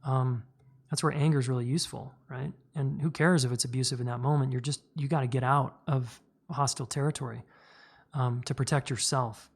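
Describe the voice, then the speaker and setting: Blunt, candid man in mid-range pitch. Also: steady tone, brisk, vocal fry. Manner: candid and blunt, with profanity and many fillers. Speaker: podcast host answering listener questions. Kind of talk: casual spoken advice.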